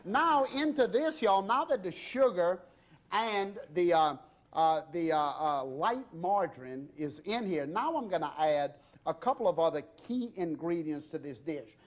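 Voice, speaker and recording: A middle-aged man with a drawl hosts a cooking demonstration, his voice sitting notably high for a man. He banters cheerfully with guests and crew, rambling loosely between steps of the recipe. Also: expressive, unhurried. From Louisiana. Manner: jovial and chatty, jokes with guests and crew, warm banter; loose unscripted delivery with many fillers. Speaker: TV cooking show host and chef.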